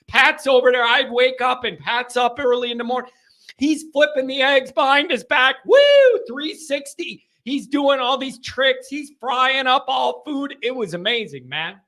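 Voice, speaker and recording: A man in his thirties hosting a call-in sports show, rambling through jokey rants and reading fan comments aloud, with sudden shouts. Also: extremely high pitch.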